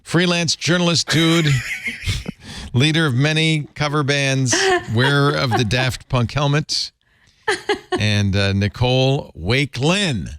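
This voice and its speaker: Raised in Rhode Island, USA, this man hosts a relaxed tech panel discussion, full of chatter and jokes, his pitch rising and falling energetically. He speaks slowly in a clean tone, recorded in studio quality without echo.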